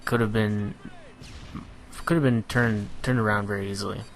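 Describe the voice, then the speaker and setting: A man giving a relaxed, analytical voice-over on his own competitive match, filling pauses with "you know". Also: on the low side, slight background noise. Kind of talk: gameplay commentary voice-over.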